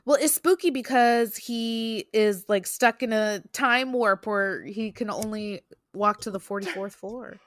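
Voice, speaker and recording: A woman's voice: medium pitch, a little slow, hardly any pauses. A woman chatting casually and reading short horror stories aloud, giggling and tripping over her words.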